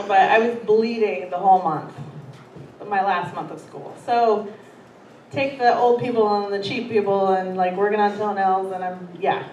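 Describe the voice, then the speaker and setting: A woman's voice: mid-range voice, fairly even intonation, normal speed, a little mellow, distant mic, highs cut off. Profane woman doing stand-up from afar. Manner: profane, self-deprecating, laughing through stories. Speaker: stand-up comedian. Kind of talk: stand-up comedy set. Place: comedy theater stage. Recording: roomy hall, heard from afar, noisy.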